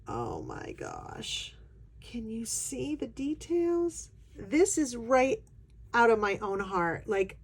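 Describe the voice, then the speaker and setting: A woman chatting casually as a craft vlogger, gushing and excited, often gasping as she unboxes. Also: mid-range voice.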